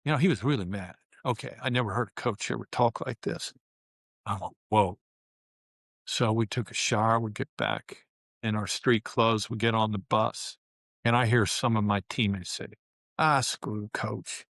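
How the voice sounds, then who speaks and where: Older guy telling an old locker room story, relaxed and salty, dry close sound. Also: fairly low pitch, normal speed, vocal fry, no echo. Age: 70s. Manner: candid, relaxed, colorful, with frequent fillers. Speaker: guest, former pro basketball player. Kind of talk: casual storytelling interview.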